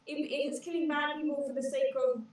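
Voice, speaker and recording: A woman's voice: high voice, flat delivery, a little fast. A woman playing her character in a tabletop game, talking hesitantly with many restarts. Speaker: player. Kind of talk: casual tabletop role-play. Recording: echoey room, far from the mic, chatter.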